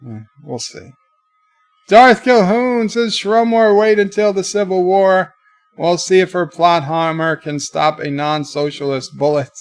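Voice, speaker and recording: A man hosting a casual livestream from his bedroom, reading viewers' comments aloud in a livelier voice and answering them in a lower, quieter tone. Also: unhurried, faint music behind. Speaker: livestream host.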